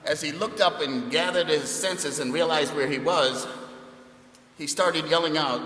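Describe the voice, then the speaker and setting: A man's voice: fairly high pitch, moderate pace, bright, forceful tone. A middle-aged man, a university administrator, giving a welcome speech with jokey stories in a large chapel. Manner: jokey storytelling. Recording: echoey chapel hall.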